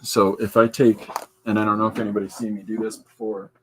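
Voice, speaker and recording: A podcast host and comic artist draws in his art studio during a casual live stream, chatting and responding out loud to viewers' comments. His voice is lowish and a bit bright, delivered flatly at a quick pace, with a little hiss or hum in the audio.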